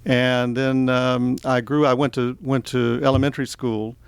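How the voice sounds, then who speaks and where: A man's voice: mid-range voice, level tone, normal speed, gravelly, clear, resonant tone, no echo. A middle-aged man from the American South giving a conversational, self-deprecating author talk at a bookstore. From American South, Tennessee and Georgia. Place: bookstore event space.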